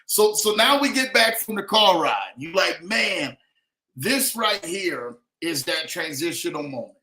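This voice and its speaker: A man hosting a podcast interview, urging the guest to repeat key lines and backing him with steady murmurs. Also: high-pitched, measured pace. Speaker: host. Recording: roomy echo.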